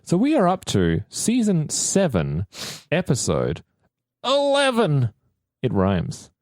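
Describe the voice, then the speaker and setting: A man's voice: a little high, huge pitch swings, slow pace, dry recording, clean studio sound. A young Australian man co-hosting a podcast, rambling and joking at his own expense. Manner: rambling, jokey, self-deprecating. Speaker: podcast co-host. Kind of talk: casual chat.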